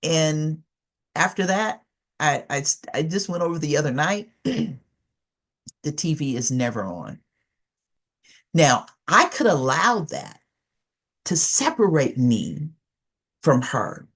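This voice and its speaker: Woman, middle-aged, gravelly, trainer, storytelling, coaxing, online session. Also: low voice, slow, long pauses. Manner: animated storytelling, coaxing the audience to join in. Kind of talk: conversational presentation.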